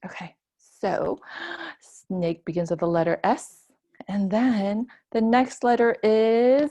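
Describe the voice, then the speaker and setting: Librarian lady talking to little kids, gasping and sing-songy, slow and soft-toned. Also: medium pitch. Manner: animated, gasping, sing-song for small children. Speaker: children's librarian. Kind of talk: preschool storytime lesson.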